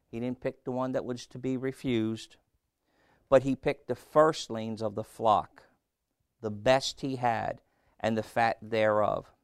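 A man's voice: medium pitch, smooth, no echo, studio quality. A man preaching a sermon, putting questions to his listeners and pressing each point. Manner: slow, emphatic preaching with questions to the congregation.

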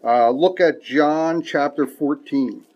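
A man's voice: fairly high pitch, slow pace, darkish tone, muffled recording. A man preaching a sermon who reads scripture aloud emphatically and mixes in folksy, casual asides.

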